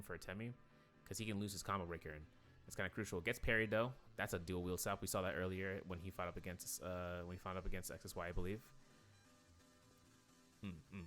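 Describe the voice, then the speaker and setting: A man commentating an esports match play by play, rattling off quick calls and drifting into rambling asides full of fillers. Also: sits low, fairly even intonation, fairly bright tone, soft background music.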